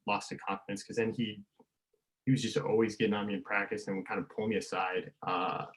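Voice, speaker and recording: A young man with a fairly low voice tells a story on a casual podcast. He laughs often and gets loud when he acts out what other people said. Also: rough recording. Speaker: podcast guest.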